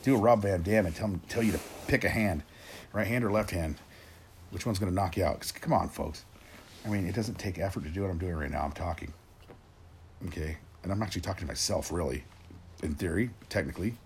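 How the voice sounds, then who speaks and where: A man in his forties with a very low, deep voice delivers a rambling, profanity-laced rant straight to his listeners. He circles back on himself with restarts and stacks curse after curse in a gruff, exasperated tone. A faint hum sits underneath the voice. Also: a little fast, a little mellow. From Tennessee, raised in Oregon. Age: 40s. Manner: rambling, gruff, swears constantly, many restarts. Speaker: rant host.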